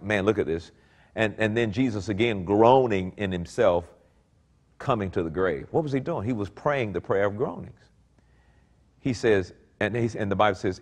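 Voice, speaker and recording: A middle-aged pastor preaching a sermon, reading scripture aloud and commenting on it, swinging between low murmurs and high exclaims. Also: male voice.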